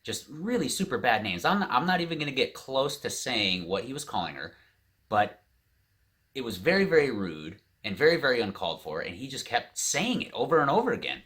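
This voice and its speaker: A man's voice: mid-range voice, a little fast. A man casually telling a story straight to camera, quoting the people involved without changing his own voice. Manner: animated, quotes others in his own voice. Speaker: vlogger. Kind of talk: storytelling vlog.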